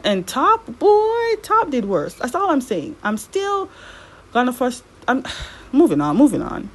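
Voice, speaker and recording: Exasperated woman recapping a drama. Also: poor audio. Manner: animated, exasperated, swings up in pitch. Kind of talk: casual recap commentary.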